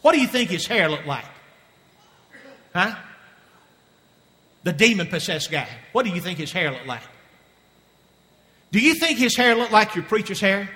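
A male pastor tells a Bible story to the congregation and keeps asking them questions. His voice is high and sharply bright. A long hall reverb trails after every line. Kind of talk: sermon. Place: church sanctuary with balcony.

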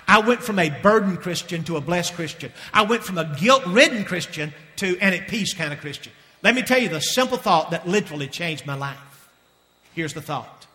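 A man preaching a sermon with passion, often repeating phrases and dropping to a hush before rising again. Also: high voice, lively intonation, moderate pace. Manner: impassioned, repeating phrases, swings from loud to hushed. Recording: long hall reverb.

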